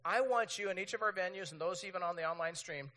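Man preaching, high voice, bright and forceful, long hall reverb, animated. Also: fast talker. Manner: animated, mimics impatient voices. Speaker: pastor. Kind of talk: sermon.

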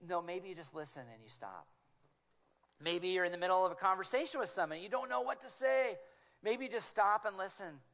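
Speaking fairly quickly with lively intonation, this male guest preacher has a fairly high voice and uses a small clip-on mic. His sermon is full of animated storytelling, and his voice turns soft and hushed when he quotes other people.

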